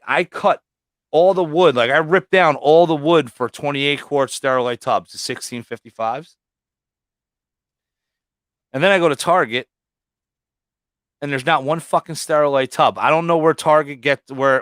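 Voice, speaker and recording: Unhurried and pausing often, a man with a higher-pitched voice chats casually on a livestream about breeding snakes, with dry, clean studio sound. He swears freely and loudly performs what he and his snakes said.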